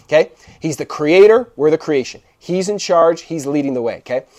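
A young man preaching a sermon in a relaxed, conversational way. His voice sits a little higher than most men's and rises and falls a great deal, and he keeps checking in with his listeners as he explains. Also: moderate pace. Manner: casual and animated, checks in with the audience often. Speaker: pastor.

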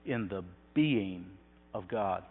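A man preaching a sermon, building from quiet, hushed phrases to loud, swelling passages. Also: fairly low pitch, expressive, takes it slowly. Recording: tinny phone-like sound in a reverberant hall with hum.

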